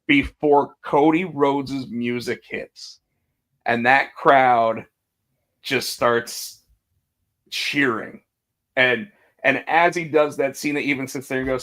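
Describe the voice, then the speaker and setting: A man's voice: mid-range voice, takes it slowly. A man co-hosting a casual wrestling podcast, telling the story with energy, acting out quotes and restarting his sentences often. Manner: animated storytelling, acts out quotes, many restarts. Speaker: podcast co-host.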